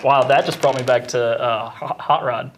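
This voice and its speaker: A man's voice: medium pitch, fairly even intonation, moderate pace, fairly bright tone, slight background noise. A man co-hosting a casual studio update chat, dropping wry jokes and asides. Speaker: co-host of studio update show.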